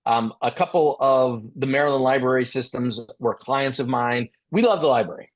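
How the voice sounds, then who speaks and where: A man's voice: medium pitch, moderate pace. Middle-aged male expert speaker; storyteller who animates his characters' lines. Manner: animated, acts out dialogue. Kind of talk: storytelling talk.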